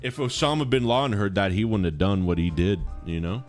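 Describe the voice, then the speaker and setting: A man's voice: on the low side, expressive, a little fast, a little mellow, faint music behind. A man streaming live, chatting with his chat, talking casually and mock-pompously while reading verse aloud. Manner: mock-pompous, swings between big dramatic readings and mumbled asides.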